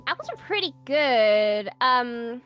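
A woman's voice: a little high, animated, takes it slowly, highs cut off, over music. A woman patiently walking a friend through a game step by step in casual chat. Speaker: guest teaching the game.

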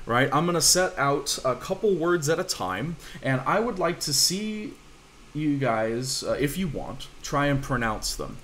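A man's voice: a little high, sing-song, measured pace, fairly bright tone, a little hiss or hum. A man teaching a language class over a voice call, in a casual, reassuring way. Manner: casual, reassuring, fillers and restarts. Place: home room, online voice call.

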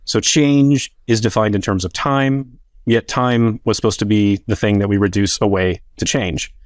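A man with a low, dry-sounding voice lays out an academic argument in a debate. He talks casually, leaning on frequent fillers as he goes. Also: steady tone, normal speed, no echo. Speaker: philosopher in a debate.

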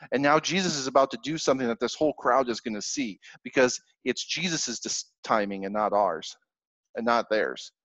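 Man, pastor, earnest conversational sermon, mid-pitched voice, dry muffled sound. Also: fairly bright tone, no room sound. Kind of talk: sermon with scripture reading.

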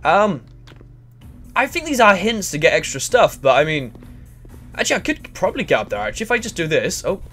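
A man commentating a game, fairly high in pitch and swinging widely as he reacts. His talk is excitable and crude, and he keeps addressing the characters on screen. Faint music plays behind him. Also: fairly quick, long pauses. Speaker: gaming channel host. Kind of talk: let's play commentary.

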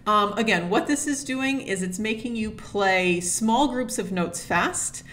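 Woman string teacher, methodical and steady, mid-pitched voice, laying out practice steps one by one. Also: unhurried, slight background noise. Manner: sings rhythms on nonsense syllables to illustrate. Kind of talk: instructional explanation to camera.

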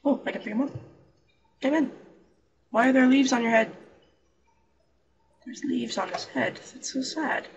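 A man's voice: very high-pitched, unhurried, gravelly, long pauses, distant mic, muffled recording. Young male gamer, jokey running commentary, sits a bit back from a faintly noisy mic. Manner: rambling, jokey, talks to game characters. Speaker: let's play gamer. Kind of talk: casual game commentary.

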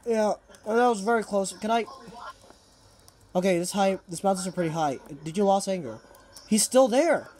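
A man's voice: high-pitched, moderate pace, darkish tone. A young man giving casual gaming commentary, jittery and breaking into panicked outbursts. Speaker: game player.

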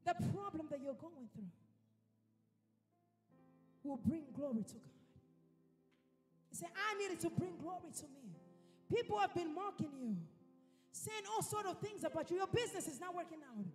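Woman preacher, very high voice, emphatic repetitions, reverberant hall. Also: lively intonation, normal speed, pauses often, a little mellow. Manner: emphatic, repeats phrases for effect. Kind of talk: sermon. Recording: reverberant hall with faint music.

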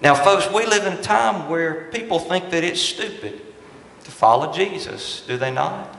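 A man's voice: fairly high pitch, animated, a little slow, gravelly, a bit bright. A man preaching a sermon from the pulpit, stressing and repeating his key points. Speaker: pastor. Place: large church sanctuary. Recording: echoey church hall with long reverb.

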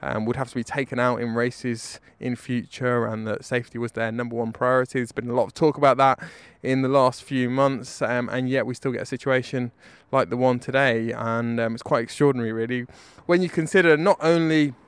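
A man's voice: mid-range voice, steady tone, fairly quick, hardly any pauses, clear, resonant tone, no room sound. A man, giving a wry, rambling spoken dispatch as a correspondent. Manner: wry, rambling, self-mocking.

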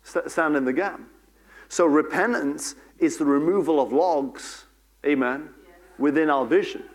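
A man's voice: a little high, unhurried. A man preaching a church sermon as pastor, repeating key phrases and breaking into fervent prayer and declarations. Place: church service.

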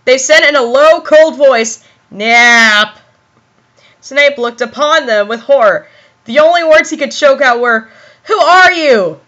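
A woman's voice: sits high, normal speed, fairly bright tone, highs cut off. A young woman giving a comic dramatic reading of a fan story, giggling and exclaiming as she goes. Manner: giggly, exclaiming, self-interrupting. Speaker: reader of fan fiction.

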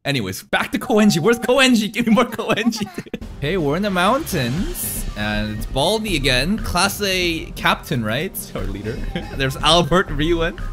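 A young man giving casual, excitable commentary on an anime episode, thinking aloud and swearing freely. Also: sits high, a little slow, over music. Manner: wry, playful running commentary. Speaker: anime reaction streamer. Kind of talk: casual live reaction commentary.

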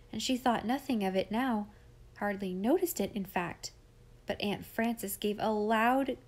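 A woman narrating a classic children's novel aloud in a measured, expressive reading. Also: mid-range voice. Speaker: audiobook reader. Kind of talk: scripted storybook narration.

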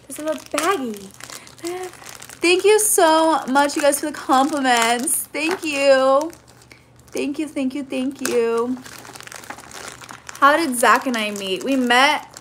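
A woman's voice: fairly high pitch, fairly bright tone, a little hiss or hum. A young woman YouTuber chatting casually as she unboxes fan mail, gasping and gushing with "oh my gosh" and "so cute". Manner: gushing, gasping and squealing over gifts; says "so cute" and "oh my gosh" over and over.

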